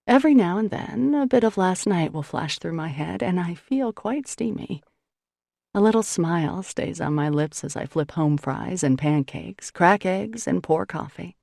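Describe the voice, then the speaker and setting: A woman narrating a novel in the first person, with intimate, measured storytelling recorded on a close studio mic. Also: fairly low pitch, creaky, mellow, no room sound. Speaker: audiobook narrator.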